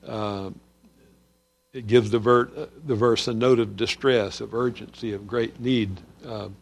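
Gravelly man teaching the Psalms. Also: on the low side, steady tone, a little slow. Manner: conversational, with many fillers and restarts. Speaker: Bible teacher. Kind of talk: Bible study teaching.

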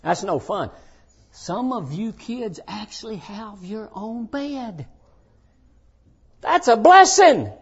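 High-pitched, animated folksy preacher man. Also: takes it slowly, gravelly, slight background noise. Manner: folksy preaching, swings from shouting to hushed asides. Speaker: pastor. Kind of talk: sermon to young people. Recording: dull lo-fi sound.

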